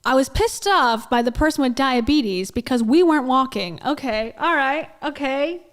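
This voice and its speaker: A woman's voice: high voice, animated, moderate pace. A woman hosting a casual reaction commentary, sarcastic, laughing and swearing as she talks. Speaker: commentary host.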